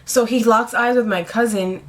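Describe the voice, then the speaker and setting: A woman's voice: a little high, fairly even intonation, normal speed. A young woman in her twenties telling a story to the camera in a casual, rambling way, full of "like" and freely swearing. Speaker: vlogger.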